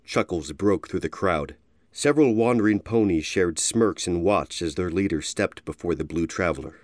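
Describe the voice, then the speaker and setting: A man giving an expressive storybook narration. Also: low-pitched, normal speed, no room sound, clean studio sound.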